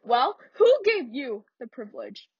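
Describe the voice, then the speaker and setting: A woman's voice: high-pitched, very animated, measured pace, a little mellow, husky, no echo, far from the mic, heavily acted. A woman reading the part of a stern older mother who heads her household and questions her daughter in firm reproach, on a slightly muffled recording. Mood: reproachful.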